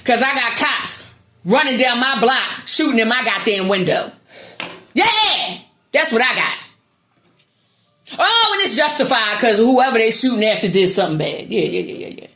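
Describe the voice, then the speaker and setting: A woman's voice: a little high, sing-song, moderate pace, sharp tone, reverberant, faint music behind. A woman delivering an angry, sarcastic, profanity-heavy rant to her viewers. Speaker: vlogger. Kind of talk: angry ranting monologue.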